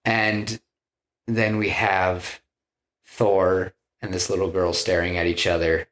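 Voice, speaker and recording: Pitching a film on a podcast, a low-voiced man talks slowly with little pitch movement and a slightly bright tone. He retells scenes and acts out the quoted lines, rambling loosely with restarts and "you know," in casual storytelling chat.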